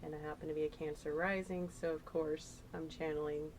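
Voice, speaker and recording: A woman's voice: sits low, little pitch movement, brisk, a little mellow, a little hiss or hum, rough recording. Chatty woman giving a tarot reading. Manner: chatty, emotional, rambling with fillers. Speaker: tarot reader. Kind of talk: casual spiritual tarot reading.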